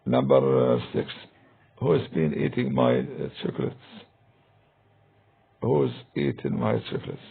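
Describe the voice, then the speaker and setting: A man teaching English grammar in a recorded lesson, talking slowly and hesitantly with many fillers, with a deep gravelly husky voice. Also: sing-song. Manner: slow, hesitant, many "uh" and "I mean". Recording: tinny phone-like recording.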